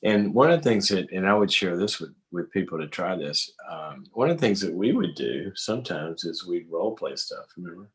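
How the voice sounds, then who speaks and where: A middle-aged man with a low voice hosts a relaxed talk show conversation. He rambles, restarts his sentences and asks probing questions as he chats with his daughter. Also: brisk, few pauses, rough recording. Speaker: talk show host, psychologist. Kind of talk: casual family conversation.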